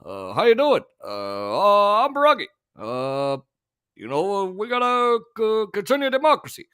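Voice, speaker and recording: A man doing a mocking impression of a smug male politician, halting and drawling with many filler sounds. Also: high voice, wildly swooping pitch, a bit bright, clear, resonant tone, dry recording, clean studio sound, full character voice.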